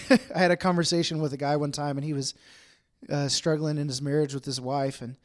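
A pastor with a fairly high male voice preaches a conversational sermon to a congregation gathered in a room. He talks fairly quickly with fairly even intonation and in a chatty manner, acting out bits of everyday dialogue in asides.

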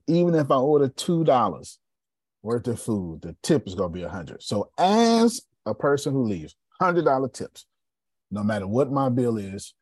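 A man coaches a group in a casual, joking way and keeps asking whether they are with him. His low voice is a bit husky, and the sound is dry and close. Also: no room sound. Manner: animated, joking, asks the room for agreement. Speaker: sales coach. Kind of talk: casual seminar talk to a group.

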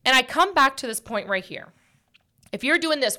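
A woman hosting a talk show, holding forth in a casual, preachy way. Her voice sits a little high, and she leans hard on her points with loose, filler-heavy phrasing. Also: animated, brisk, sharp tone. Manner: emphatic, preachy, many fillers.

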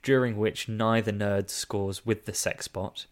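A man's voice: fairly low pitch, steady tone, a little slow. Laughing man reviewing films. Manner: reads reviews aloud with mock emphasis, laughs often. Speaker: podcast co-host. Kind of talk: casual film review chat.

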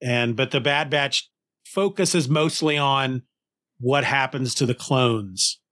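A man talking casually as a podcast cohost, enthusiastic and lively, often restarting his sentences. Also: medium pitch, slow pace. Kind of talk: casual conversation.

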